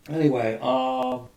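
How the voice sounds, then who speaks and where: A man in a casual, rambling monologue, often clearing his throat and swearing. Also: fairly high pitch, darkish tone, rough recording.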